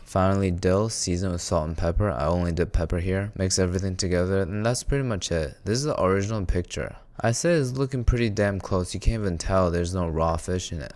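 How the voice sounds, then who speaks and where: Deep-voiced man narrating a recipe. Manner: relaxed, chatty, wry asides while cooking. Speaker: cooking video host.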